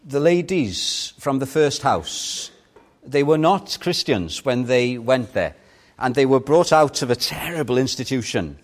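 An older man preaching a sermon with impassioned swings, rising loud on key points and dropping to a hush. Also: mid-range voice, animated, unhurried.

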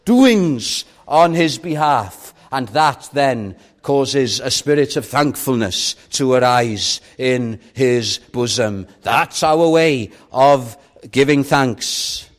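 A man preaching a sermon, earnest and measured, with dramatic pauses on key words. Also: mid-range voice, expressive.

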